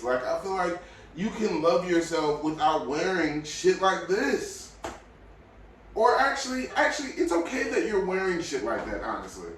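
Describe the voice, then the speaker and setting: A podcast host delivers a blunt, opinionated solo rant, dropping to low mutters and then bursting out loudly. His voice sits a little high for a man. The room is strongly echoey, the mic is placed some way off, and a faint hiss runs underneath. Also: recorded from a distance. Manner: blunt, opinionated, swings between low mutters and loud outbursts.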